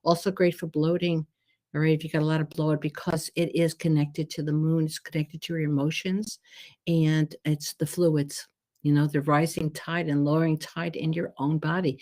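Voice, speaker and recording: A woman teaching energy healing in a casual, chatty talk, animated and quick to laugh. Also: low voice. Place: West Coast.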